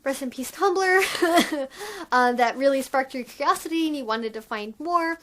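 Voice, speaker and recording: Brief: woman channel host, high voice, candid chatty delivery. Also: lively intonation, measured pace, fairly bright tone. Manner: chatty, frank, filler-heavy. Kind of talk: candid conversational vlog talk.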